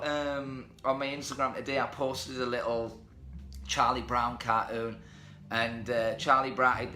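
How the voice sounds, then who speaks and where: A man's voice: medium pitch, sharp tone, echoey room, slight background noise. A man hosting a motivational live stream from home, talking energetically and reading out viewer comments. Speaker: host. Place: indoors at home. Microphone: webcam or phone.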